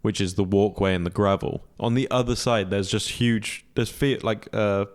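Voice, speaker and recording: A young man telling a travel story on a podcast, relaxed and swearing freely. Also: fairly low pitch, normal speed. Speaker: podcast co-host. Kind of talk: casual chat.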